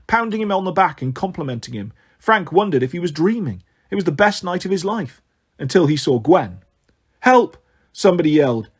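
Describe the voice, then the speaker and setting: A man narrating an adventure novel in a measured, expressive reading voice. His voice sits a little high for a man. He paces the action steadily. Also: slightly rough. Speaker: audiobook narrator. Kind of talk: storytelling narration.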